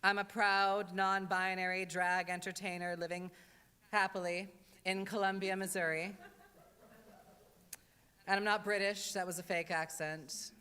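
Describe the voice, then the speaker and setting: A woman's voice: mid-range voice, level tone, a little slow, long pauses, pushed and bright, clean tone. A woman drag entertainer giving a wry, earnest address with comic asides at a church service. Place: church sanctuary. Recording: reverberant church hall.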